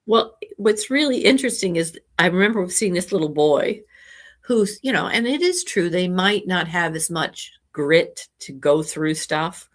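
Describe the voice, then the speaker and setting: A woman's voice: lowish voice, expressive, measured pace. A woman co-hosting a podcast, talking in a reflective, affirming way with a loose, rambling flow. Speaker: podcast co-host. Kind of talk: casual conversation.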